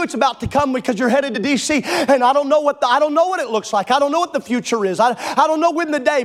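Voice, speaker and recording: A pastor in his forties preaching a sermon to a congregation in church, passionate and building to shouts. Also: very high-pitched. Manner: impassioned, builds to shouting, stretches key phrases. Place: church sanctuary before a congregation.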